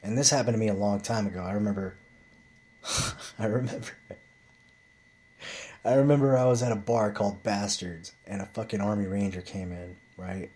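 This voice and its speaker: A man's voice: fairly low pitch, steady tone, moderate pace, long pauses, a little mellow. A man telling a rambling bar story in a blunt, profane, casual way, with frequent restarts.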